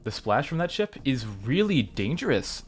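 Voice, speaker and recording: A man commentating a game tournament live, excitable and often stammering as he restarts his sentences. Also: mid-range voice, normal speed.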